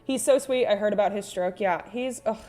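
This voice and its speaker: A woman's voice: mid-range voice, fairly quick, mellow. A woman hosting a casual art livestream. She rambles with many fillers and restarts, reads viewer chat aloud, and calls people "sweet bean" and "honey.". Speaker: artist and livestream host.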